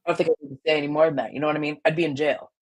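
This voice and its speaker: A podcaster with a raspy voice, chatting casually in a blunt, heated way that swings from loud outbursts to low mutters. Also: flat delivery, rapid-fire. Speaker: podcast co-host.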